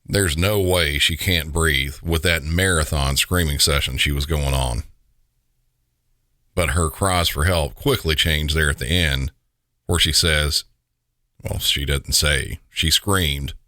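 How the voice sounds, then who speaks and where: A man's voice: extremely low pitch, pushed and bright, no echo, clean studio sound. A man with a Southern US accent, hosting a podcast and telling the story in a wry, conversational way. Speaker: podcast host. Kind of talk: scripted narration.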